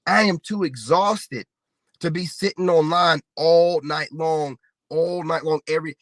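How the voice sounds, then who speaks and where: A man's voice: fairly high pitch, measured pace, no room sound. A man delivering a confrontational, mocking rant straight to his viewers, hammering the same points over and over. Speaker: online commentator. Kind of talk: ranting monologue to viewers.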